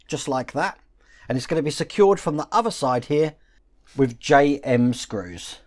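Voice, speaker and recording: A man hosting a model-building channel, calmly explaining each step of the build while he works with his hands. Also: on the high side, a little slow.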